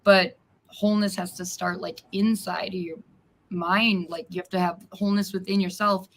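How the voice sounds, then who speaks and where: A woman's voice: medium pitch, fairly even intonation, moderate pace, a little hiss or hum. A woman joining a live stream as a guest, talking things through in a reflective, searching way with many fillers. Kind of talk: casual chat.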